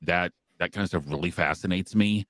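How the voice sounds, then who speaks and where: A man co-hosting a podcast, talking casually with hesitant pauses and fillers. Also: low voice, fairly bright tone, dry recording. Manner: hesitant, many ums. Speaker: podcast co-host. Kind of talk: casual discussion.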